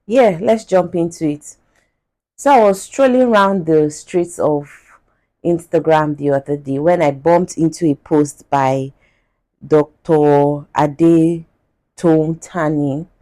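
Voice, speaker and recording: A Nigerian woman with a Nigerian accent hosts a podcast and reads a post aloud with emphatic indignation, stretching out her repetitions. Her voice is low-pitched and mellow.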